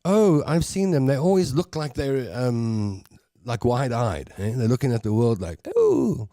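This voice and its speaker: A South African man hosts a casual livestream chat in his home studio, speaking at medium pitch with a warm tone. Chatty and rambling, he reads viewer comments out loud, tells stories with a laugh and cracks himself up at his own jokes. The studio sound is clean, with no room sound.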